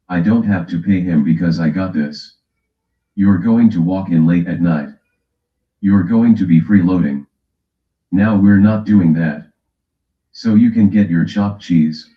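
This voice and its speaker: Man, new york accent, very deep voice, profane, bickering banter, echoey muffled stream audio. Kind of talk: casual argumentative stream chat.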